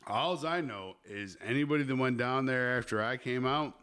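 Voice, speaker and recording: A man's voice: medium pitch, moderate pace, a bit bright, clean tone. Man, podcast host, crude rambling storyteller, swears constantly.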